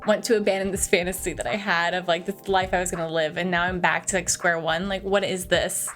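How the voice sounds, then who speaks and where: A woman's voice: on the low side, little pitch movement, fairly quick, fairly bright tone, faint music behind, voice pushed down, lightly acted. A woman quoting a tough, proud young woman in a casual recap, near her own voice. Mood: brash.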